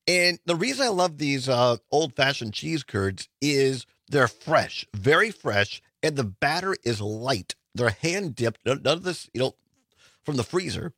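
A man's voice: medium pitch, sing-song, unhurried, a bit bright, no room sound. A middle-aged man from Wisconsin, hosting a talk radio and streaming show in a studio, chatting enthusiastically and rambling with restarts.

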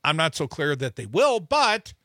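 A man co-hosting a call-in radio show, his slightly high voice animated and bright. He weighs in with opinions and drops jokes between calls. The studio sound is dry. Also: normal speed, no echo. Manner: jokey, opinionated, lively. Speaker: radio talk show co-host. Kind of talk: casual call-in talk radio.

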